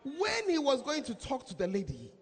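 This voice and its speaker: Animated woman pastor preaching. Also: high voice, normal speed, background noise. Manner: animated, shouts and laughs often. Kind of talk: sermon. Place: church hall with congregation. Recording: reverberant hall, faint crowd.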